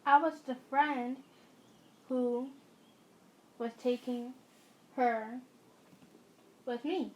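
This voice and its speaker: A woman voicing a cold, calm teenage boy holding a pistol, speaking in a flat monotone. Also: sits high, moderate pace.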